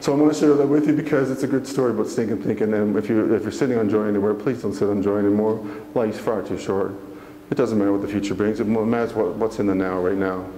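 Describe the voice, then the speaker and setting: A man's voice: lowish voice, steady tone, fast, few pauses, mellow. A man speaking as a motivational speaker to a live audience, earnest and folksy, often asking the audience questions. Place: church hall. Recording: echoey hall from far off.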